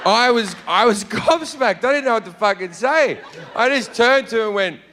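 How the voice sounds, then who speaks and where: A man with an Australian accent telling a story as a stand-up comedian on stage. He talks in a brash, profane way and builds up to shouts. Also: sits high, lively intonation, normal speed, over a noisy crowd, very noisy. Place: comedy stage before a live audience. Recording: live hall with faint audience.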